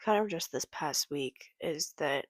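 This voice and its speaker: A young woman talking casually to her camera late at night, halting with many ums and sighs. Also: sits low, expressive, no echo. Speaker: vlogger. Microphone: computer or phone camera.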